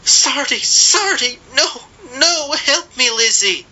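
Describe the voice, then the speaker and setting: Man reading a weeping farm mother: high, bright, begging. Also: takes it slowly, full character voice, low-quality recording. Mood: pleading. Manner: tearful, high, pleading. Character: distraught pleading farm mother.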